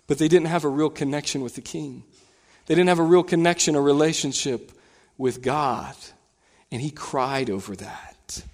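A man preaching a sermon as pastor in a church, animated, his voice climbing higher and louder when he retells scenes. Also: long reverb tail. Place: church sanctuary.

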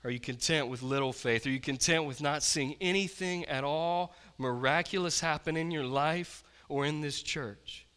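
Male pastor, sermon delivery, bright tone, impassioned with loud-to-quiet swings. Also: on the high side, moderate pace, few pauses, clear, resonant tone, long reverb tail. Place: church.

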